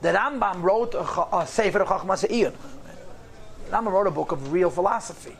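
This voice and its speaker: Male rabbi, teaching a class; high-pitched man's voice, emphatic and driven, drops in Hebrew and Yiddish words. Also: brisk, vocal fry, a little hiss or hum. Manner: emphatic, passionate, punchy repeated phrases; mixes in Hebrew and Yiddish terms. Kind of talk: lecture on Jewish texts.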